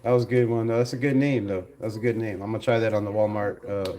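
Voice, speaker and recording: A man hosting a casual live stream, animated, laughing often and talking to his chat. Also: on the low side, fast.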